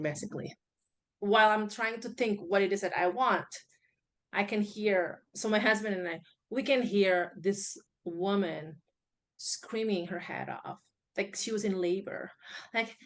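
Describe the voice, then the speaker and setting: A woman, recounting her own story as a guest in a casual, rambling way with many fillers and restarts. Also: mid-range voice. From Indonesia.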